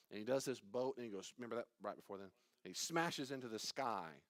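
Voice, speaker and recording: A man's voice: lowish voice, fast, dry recording. A man teaching a Bible study in a conversational, digressive way, often quizzing his listeners. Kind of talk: informal teaching.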